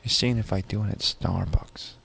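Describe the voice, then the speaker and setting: A man's voice: fairly low pitch, moderate pace, vocal fry, a bit bright, a little hiss or hum. A young man co-hosting a casual comedy show, telling brash, profane stories. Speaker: co-host.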